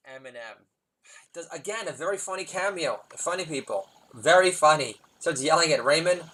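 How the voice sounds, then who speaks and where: Rambling New comedian, laughing along. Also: male voice, fairly high pitch, expressive, normal speed, pushed and bright, slightly rough, low-quality recording. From New York. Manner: rambling, digressive, laughs at own jokes. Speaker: comedy podcast host. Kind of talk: stand-up style monologue.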